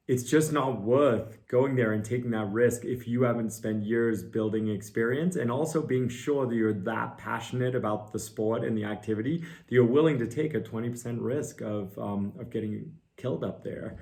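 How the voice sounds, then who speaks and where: A man's voice: fairly low pitch, vocal fry, a little mellow. A middle-aged man, a mountain guide, answering viewer questions in a casual, earnest way. He thinks aloud with fillers and pokes fun at himself.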